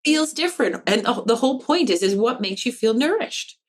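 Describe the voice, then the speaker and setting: A woman's voice: fairly high pitch, a little fast. A woman, a counselor and author, talking in a podcast interview and acting out parents' voices as she explains. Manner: animated, acts out parents' voices in quotes. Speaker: guest, developmental counselor and author.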